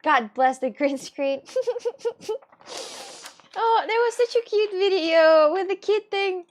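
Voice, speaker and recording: A woman's voice: extremely high pitch, takes it slowly. A young woman streamer chatting casually to her viewers, rambling and giggling often. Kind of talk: casual chat.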